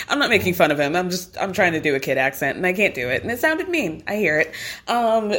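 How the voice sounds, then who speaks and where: A woman's voice: on the low side, animated, fairly quick, fairly bright tone. A young woman casually recapping a reality show in a gossipy, chatty way, full of asides.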